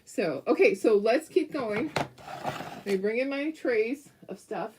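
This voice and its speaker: A woman's voice: on the high side, expressive, slow, background noise. A middle-aged woman hosting a casual craft tutorial at home, chatty and giggly, often restarting her sentences. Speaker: craft host.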